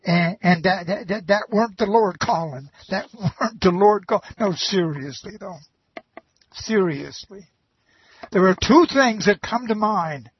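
A man delivers a folksy sermon in a husky, fairly high voice, taking his time with long, drawn-out phrases. He drops homespun asides between points. The sound is dry and a bit muffled. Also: dry recording. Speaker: preacher.

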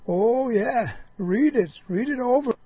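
Male preacher, folksy sermon voice, slow drawl with chuckles, husky, dry close sound. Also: very high-pitched, no room sound, lo-fi sound. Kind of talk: folksy sermon addressed to an apostle.

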